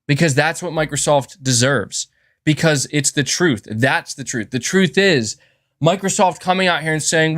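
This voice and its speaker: A man's voice: a little high, moderate pace, fairly bright tone, no room sound, clean studio sound. A man hosting a live stream, giving heated, profane commentary and reading out chat messages. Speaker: livestream host.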